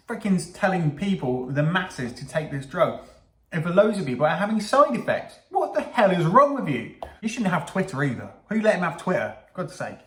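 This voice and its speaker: A man's voice: a little high, fairly bright tone. A man casually reacting to news clips, sarcastic, swearing and laughing at his own jokes. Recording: echoey room.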